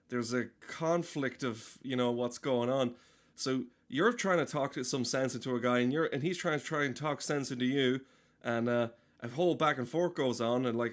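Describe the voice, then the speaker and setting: A man giving a meandering comedic monologue, swearing often, full of "uh" and "you know", acting out both sides of imagined conversations. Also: medium pitch. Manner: meandering, profane, full of fillers and asides. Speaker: rambling monologue host.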